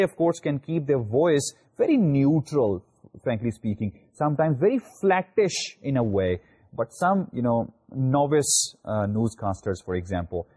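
A man lecturing in Pakistani English, explaining at length with many "you know" fillers and phrase endings that drop low. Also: warm tone, husky. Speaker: university lecturer. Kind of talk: recorded video lecture.

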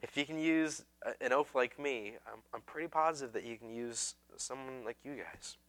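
Bright-voiced male pastor preaching. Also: medium pitch, animated, normal speed. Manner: casual storytelling with many fillers and restarts; self-deprecating, humorous. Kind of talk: sermon.

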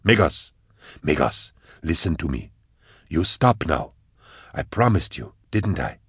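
A man's voice: rumbling low, very animated, slow pace, husky, dry recording, clean studio sound, heavily acted. A man voicing a hard male schemer who gives curt orders. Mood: grim.

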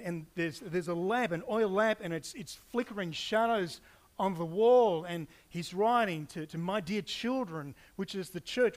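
A man preaching a sermon, telling stories in an animated way and acting out quotes with playful asides. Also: sits high. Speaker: pastor.

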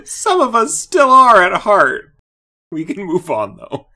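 A woman co-hosting a casual podcast chat about a cartoon episode, playful and quick to laugh. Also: medium pitch, wildly swooping pitch, sharp tone. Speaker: podcast co-host.

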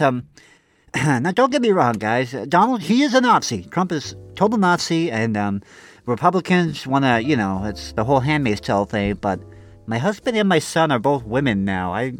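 A medium-pitched man hosts comedic commentary, reading online posts aloud in a sarcastic tone. He keeps cracking up laughing and stumbling into restarts.

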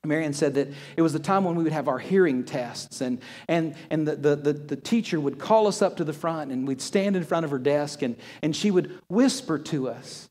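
Preacher with a higher voice in a hall. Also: male voice, moderate pace, hardly any pauses. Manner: storytelling, drops to a hushed near-whisper for emphasis; repeats words when restarting a thought. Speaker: pastor. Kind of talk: sermon. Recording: long reverb of a large hall.

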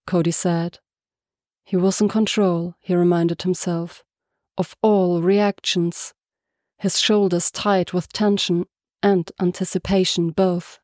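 A woman reading a story aloud as narrator, soft-spoken and even. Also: lowish voice, slow pace, dry recording, studio quality. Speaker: podfic reader. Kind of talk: scripted narration.

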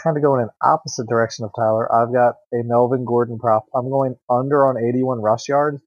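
A man's voice: mid-range voice, steady tone, fairly quick, dry recording. A man co-hosting a sports betting show who lays out his picks in a matter-of-fact way. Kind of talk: casual sports betting talk. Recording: dull, dry lo-fi sound.

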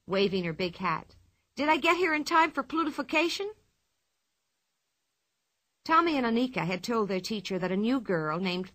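A woman reading a children's storybook aloud as narrator, clear and expressive. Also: medium pitch, no echo.

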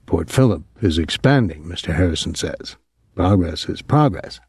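A man's voice: low voice, lively intonation, moderate pace, a little mellow, slightly rough, no room sound, full character voice. A male reader voicing a bitter, aging baker father in an audiobook, talking in a dry, darkly blunt way. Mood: brooding. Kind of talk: audiobook character reading.

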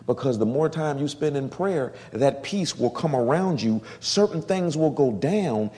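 A man pastor teaching a sermon, reading scripture slowly and stressing key words. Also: a little high, very animated, mellow, big-room sound.

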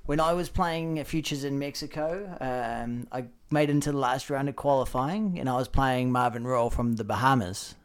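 A man's voice: medium pitch, moderate pace, few pauses, clear, resonant tone. A man co-hosting a casual podcast, reacting with laughs and telling stories with frequent "um". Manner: reactive, laughs often, uses "um". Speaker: podcast co-host. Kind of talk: casual chat and storytelling.

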